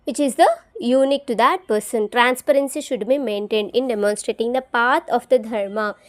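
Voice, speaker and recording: A woman's voice: a little high, normal speed. Woman drilling study notes aloud. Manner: repeats key words over and over, spells terms out letter by letter. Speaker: exam study tutor. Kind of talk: study-along lesson, repeating terms aloud to memorize.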